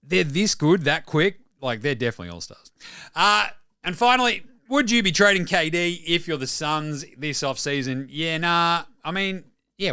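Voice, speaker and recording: A man's voice: on the high side, bright, forceful tone, no room sound, clean studio sound. An Australian man hosting a basketball podcast, talking in rambling, blunt, sweary casual commentary. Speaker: podcast host.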